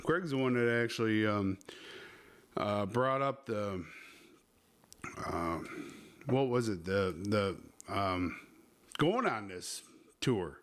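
A man's voice: lowish voice, expressive, slow pace, pauses often, a bit bright. A man hosting a podcast, telling a crude story in a rambling, casual way with lots of swearing. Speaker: podcast host.

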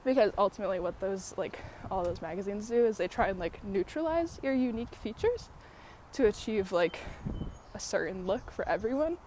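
A woman talking casually to her viewers while walking outdoors, out of breath and breathy, rambling with lots of fillers and little laughs. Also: medium pitch, lively intonation, a little fast, darkish tone, a little hiss or hum. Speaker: vlogger. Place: outdoors on a walk, birds about.

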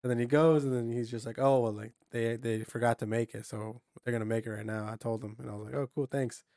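A laid-back man at an ordinary middle pitch tells a story among friends. He drops soft and low when he quotes himself, and the sound is dry and close. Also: fairly even intonation, fast, vocal fry, no echo. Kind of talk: casual chat.

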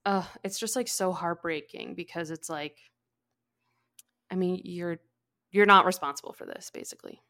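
A woman's voice: lowish voice, normal speed, pauses often, bright, forceful tone. A woman co-hosting a podcast, casually recapping a book chapter in chatty talk full of "like" and "basically". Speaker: podcast co-host. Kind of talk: casual book-club chat.

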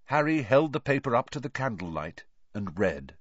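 A man's voice: mid-range voice, sing-song, moderate pace, husky, no room sound. A man narrating a story aloud as an audiobook reader, on a dull lo-fi recording. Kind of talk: scripted narration.

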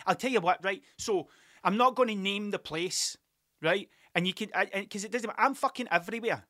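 A man's voice: high voice, normal speed, pushed and bright, dry recording, clean studio sound. A middle-aged Scottish man hosting a podcast, talking in a rambling, sweary monologue with constant restarts. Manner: sweary, rambling, frequent self-interruptions. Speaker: podcast host. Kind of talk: casual monologue. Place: workshop.

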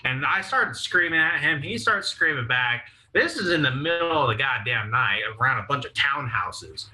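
A man's voice: medium pitch, lively intonation, normal speed, bright, forceful tone, rough recording. A young man casually telling rowdy stories, swearing freely and acting out what people said. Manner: profane, laughing storyteller acting out quotes. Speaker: podcast guest. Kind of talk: casual storytelling.

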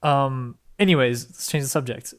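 A young man co-hosting a podcast in casual chat, excitable and rambling, with casual swearing. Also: medium pitch, moderate pace, smooth. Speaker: podcast co-host.

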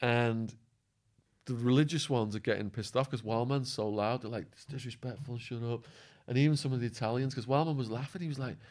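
A man guest in an interview, telling stories animatedly and acting out quotes, his voice going hoarse. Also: mid-range voice, fairly quick, darkish tone. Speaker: podcast guest. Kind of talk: storytelling in an interview.

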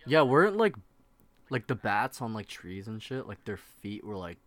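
A man's voice: on the low side, very animated, moderate pace, fairly bright tone. Young guy on a podcast, casual chat, laughs a ton, swears a lot, says like constantly. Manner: laughs often, swears freely, lots of "like". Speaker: podcast co-host.

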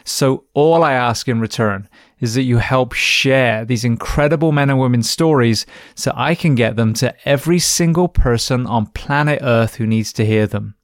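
A man's voice: mid-range voice, normal speed, no echo, studio quality. A man from the West Country with an English accent tinged with American, hosting a podcast interview with earnest enthusiasm. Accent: English West Country, with some American. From England. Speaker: podcast host.

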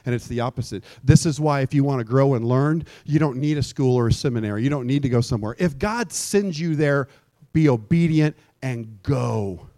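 A pastor preaching a sermon in a lively, joking way, slipping into mock old-fashioned prayer voices. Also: male voice, mid-range voice, normal speed, no room sound. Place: church.

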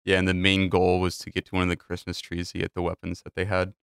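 A man's voice: low voice, monotone, fast talker, creaky, clean tone, no echo, clean studio sound. A man hosting a casual podcast chat with friends, rambling and swearing freely. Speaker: podcast host.

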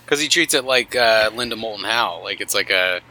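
A man's voice: fairly low pitch, fairly quick, pushed and bright, low-quality recording. A man chatting loosely on a podcast, swearing casually. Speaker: podcast co-host. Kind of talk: casual chat.

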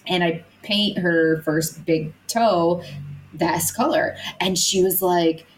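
A woman's voice: fairly low pitch, steady tone, slow pace, a little hiss or hum, poor audio. A young woman co-hosting a podcast, chatting casually and rambling with lots of filler words and restarts. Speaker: podcast co-host. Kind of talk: casual chat.

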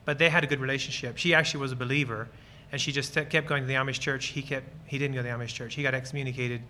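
A man's voice: medium pitch, steady tone, very fast, bright, forceful tone, a little hiss or hum. A man from Lancaster County, Pennsylvania, giving an earnest, enthusiastic ministry talk with audience questions and personal stories. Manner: acts out short bits of dialogue while explaining. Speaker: guest speaker on ministry.

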